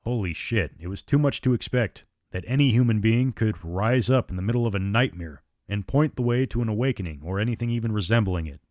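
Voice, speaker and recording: Low-voiced man narrating a suspense tale. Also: darkish tone, dry recording, clean studio sound. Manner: measured, dramatic. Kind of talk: dramatic audiobook narration.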